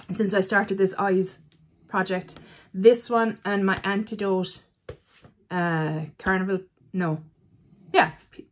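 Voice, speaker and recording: Chatty woman with a husky voice. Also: medium pitch. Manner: chatty, self-teasing, talks to herself. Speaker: beauty vlogger. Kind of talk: casual chat reviewing eyeshadows.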